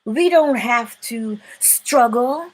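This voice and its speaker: A woman hosting a live-stream inspirational talk, preaching in an animated way and laughing often. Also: on the high side, slow pace. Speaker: inspirational speaker and host.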